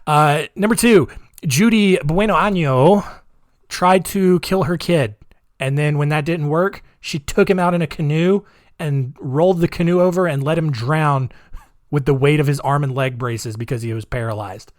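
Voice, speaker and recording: A man's voice: fairly high pitch, normal speed, no echo, clean studio sound. Offhand, rambling male podcast host. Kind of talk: casual podcast monologue.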